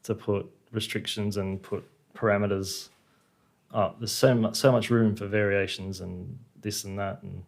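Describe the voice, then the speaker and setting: A man's voice: on the low side, level tone, measured pace, vocal fry. A man hosting a podcast in casual chat, dry and joking, with some swearing. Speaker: podcast host.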